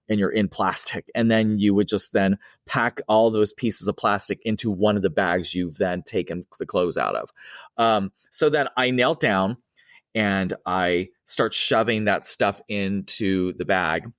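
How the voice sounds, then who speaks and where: A man's voice: lowish voice, no room sound, clean studio sound. A middle-aged man telling a spooky personal story in a casual, rambling way, with many fillers and restarts, raising his voice to act out other people's lines. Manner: acts out quoted dialogue in a raised, excited voice. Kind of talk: casual spoken ghost story.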